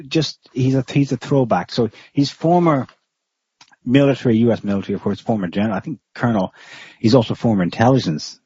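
A man's voice: medium pitch, darkish tone, slightly rough, no room sound. A man co-hosting a podcast, talking through political commentary in a casual, rambling way with frequent restarts. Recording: dull lo-fi recording.

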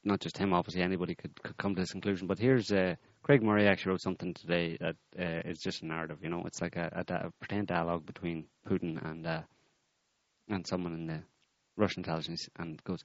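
A man's voice: deep voice, little pitch movement, quick pace, no echo, lo-fi sound. A man in casual political chat, talking in a sardonic, rambling way with frequent restarts.

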